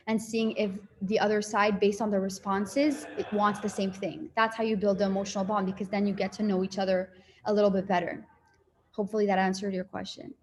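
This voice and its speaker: A young woman speaking casually to an audience about relationships, her voice sitting at an ordinary middle pitch. She rambles in a friendly way, full of "like" and "you know". She slips into quick little quoted dialogues as she talks. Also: a little mellow. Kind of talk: casual talk to a live and Zoom audience.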